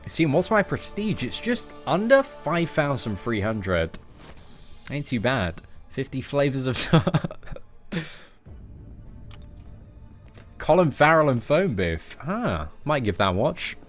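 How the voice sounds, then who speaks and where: A young man chats his way through a mobile game stream, answering viewers and cracking jokes. His pitch swings widely as he talks, while soft music plays faintly behind him. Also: very animated, takes it slowly, long pauses. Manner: chatty, joking, reads out chat messages. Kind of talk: casual live-stream chat.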